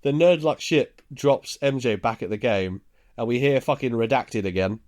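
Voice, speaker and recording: A man's voice: mid-range voice, moderate pace, darkish tone. A man, casually recounting a film's plot scene by scene on a podcast, chuckling as he goes. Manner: laid-back storytelling, chuckles while recounting scenes. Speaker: podcast co-host. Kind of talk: casual film recap.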